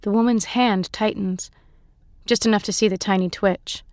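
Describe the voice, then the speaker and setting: A woman reading a short story aloud in measured scripted narration, lightly voicing the characters. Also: medium pitch, steady tone, a little mellow, no room sound. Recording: dry close-mic studio sound.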